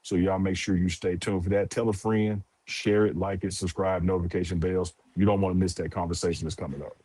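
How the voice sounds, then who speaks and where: Deep, mellow-voiced male sports host. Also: level tone, brisk, husky, no echo. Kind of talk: casual sports talk show.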